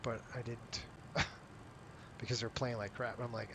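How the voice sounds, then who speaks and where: Relaxed, rambling man chatting to viewers. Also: medium pitch, measured pace, long pauses, slight background noise. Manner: rambling, self-interrupting, talks to viewers as "you guys". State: tired, yawning. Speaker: flight sim streamer running a virtual airline. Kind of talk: casual live-stream chat over gameplay.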